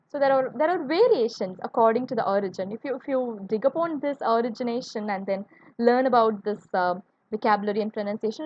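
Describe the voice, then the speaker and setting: A woman's voice: fairly high pitch, muffled recording. A woman teaching an online English grammar lesson, spelling words out letter by letter and asking viewers to answer.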